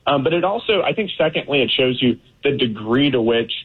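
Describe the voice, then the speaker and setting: A man's voice: medium pitch, expressive, fairly quick, breathy edge. A man from Texas, a guest in a remote interview, speaking emphatically and indignantly with many fillers. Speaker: political guest. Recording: tinny phone-like line.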